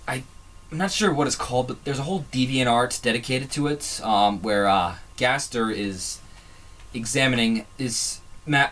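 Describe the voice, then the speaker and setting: A man's voice: medium pitch, fairly bright tone. A man hosting a casual fan commentary video, rambling and digressive, often trailing off and restarting his sentences. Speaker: video host.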